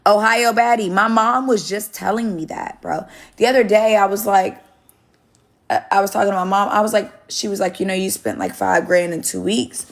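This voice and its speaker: A woman's voice: mid-range voice, moderate pace. A young woman telling a rambling, candid story to her viewers on a phone live stream, swearing freely. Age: young adult.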